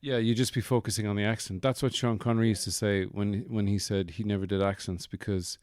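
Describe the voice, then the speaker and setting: Low-voiced, joking male podcast host. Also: level tone, fast talker, darkish tone, smooth, no echo. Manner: playful, joking asides. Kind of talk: casual chat. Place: bedroom.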